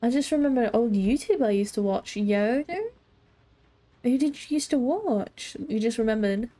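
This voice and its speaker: Slightly high and mellow, this woman's voice is animated and moves at a normal speed. She plays a game live and responds to her chat with playful, mock-formal remarks.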